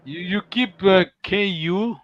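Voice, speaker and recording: Patient male language teacher, slightly high voice. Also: dry recording, dull audio. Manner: patient, encouraging, models words slowly. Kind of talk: online language lesson. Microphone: video call.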